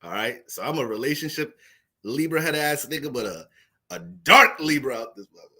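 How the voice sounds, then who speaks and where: A young man casually talking through an astrology livestream, profane and animated, laughing often. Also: medium pitch, moderate pace, breathy edge.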